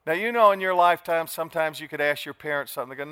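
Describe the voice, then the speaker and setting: Bright-voiced older preacher. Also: male voice, on the high side, expressive, racing, few pauses, clean tone, no echo. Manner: dramatic, shifts from soft to shouting. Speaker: pastor. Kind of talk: sermon.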